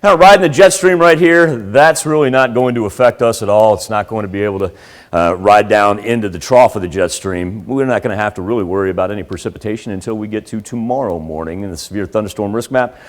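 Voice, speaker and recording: A man's voice: on the low side, fast talker. A man giving a morning TV weather forecast in an upbeat, conversational manner.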